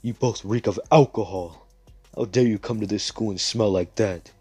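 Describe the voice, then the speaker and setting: Man doing an indignant young student, stiff scolding, mellow low tone. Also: moderate pace, breathy edge, no echo, soft background music.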